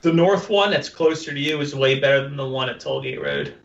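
A man's voice: medium pitch, brisk. A man joking and teasing in casual podcast chat. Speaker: podcast co-host. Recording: roomy, distant, lo-fi sound.

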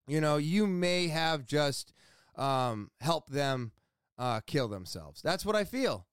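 A man's voice: on the high side, a bit bright, smooth, no echo, studio quality. Profane, ranting young man. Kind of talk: casual monologue.

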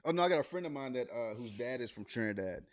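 A man's voice: medium pitch, animated, fast, no echo, clean studio sound. A man in casual chat, rambling and cursing with lots of restarts. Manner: rambling, profane, many restarts.

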